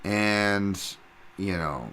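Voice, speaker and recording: Low-voiced guy with a sharp edge doing his podcast, swears a lot, rambles, gets loud. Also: extremely slow, a little hiss or hum. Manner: rambling and profane, fillers and restarts, flares up loud when excited. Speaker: podcast host. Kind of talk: casual podcast talk.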